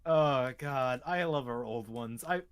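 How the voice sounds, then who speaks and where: A man's voice: mid-range voice, measured pace, clean tone, no room sound, clean studio sound. A man co-hosting a casual online show, rambling through old stories. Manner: rambling storyteller, trails off with laughs. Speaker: podcast co-host. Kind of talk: casual chat.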